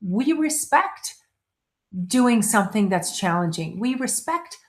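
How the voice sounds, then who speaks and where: A woman's voice: on the high side, big pitch swings, slow. Middle-aged woman host, casual motivational talk, conversational with frequent restarts. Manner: conversational, with self-interrupting restarts and playful quoted voices.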